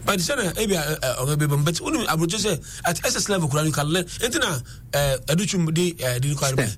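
A middle-aged Ghanaian man in a casual discussion, telling animated stories and switching between English and Twi. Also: on the high side, quick pace, breathy edge.

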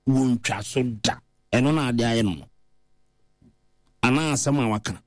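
A man with a Ghanaian accent preaching in a conversational way, mixing languages and rising to high, emphatic pitch. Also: a little slow, a little mellow, no room sound, studio quality.

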